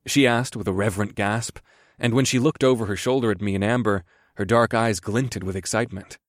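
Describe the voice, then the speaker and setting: Low-voiced man narrating an audiobook. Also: steady tone, brisk, dry recording, studio quality. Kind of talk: first-person audiobook narration.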